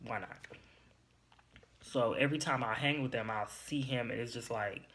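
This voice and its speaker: A man's voice: mid-range voice, fairly quick, a bit bright. A young man hosting a podcast, telling a personal story in a candid, emotional and confiding way. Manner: emotional, confiding, a little teary. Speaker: podcast host.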